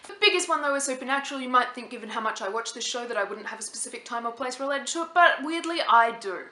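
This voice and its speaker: An Australian woman in her thirties, chatting fast and casually to her camera with plenty of "like". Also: fairly high pitch, animated, pushed and bright, reverberant. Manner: fast-talking, chatty, lots of "like". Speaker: vlogger.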